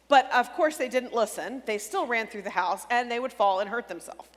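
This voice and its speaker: A middle-aged woman with a somewhat high voice teaches a church breakout session on a stage mic. She explains step by step, softening when she speaks as if comforting a child. Her voice rings with a long reverb in a large hall. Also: animated, moderate pace. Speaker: conference speaker.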